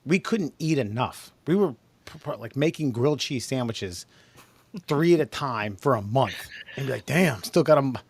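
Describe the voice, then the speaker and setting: A man hosting a podcast in casual, profane chat, laughing quickly and restarting his sentences. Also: mid-range voice, lively intonation, husky, no room sound. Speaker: podcast host.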